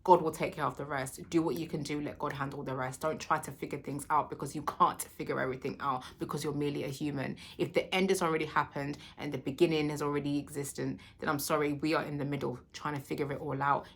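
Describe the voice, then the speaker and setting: A woman talks to camera in a low, creaky voice with little pitch movement, moving quickly with few pauses over a slight hiss or hum. It's a casual motivational vlog: affectionate, emphatic and reassuring, with a spiritual bent, as she calls the viewer sweetheart and darling.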